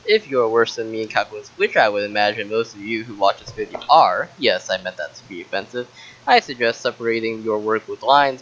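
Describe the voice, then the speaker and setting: A man's voice: medium pitch, fairly bright tone, dull audio. A young man from the United States narrating a calculus walkthrough with mock-arrogant, sarcastic boasting. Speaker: student tutor. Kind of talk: sarcastic math walkthrough voice-over.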